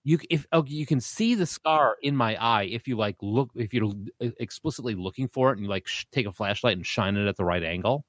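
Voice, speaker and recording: A man's voice: mid-range voice, fairly quick, hardly any pauses, a bit bright, no room sound. A man co-hosting a podcast, telling a story in casual chat and acting out the voices of the people he quotes. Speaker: podcast co-host.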